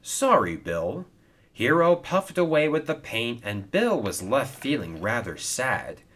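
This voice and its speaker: A man narrating a children's story, lively and expressive. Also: mid-range voice, unhurried.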